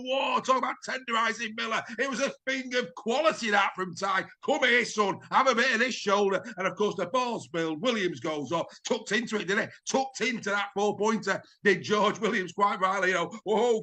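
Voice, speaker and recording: A man giving a comic, theatrical rugby league review, gushing and shouting the punchlines. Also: high-pitched. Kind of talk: comic match review commentary.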